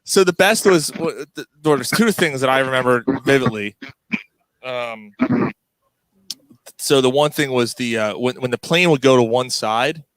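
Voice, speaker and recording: A man's voice: medium pitch, measured pace, a bit bright, no echo. A man hosting a casual chat, telling a long story with many restarts and laughs. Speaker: podcast host.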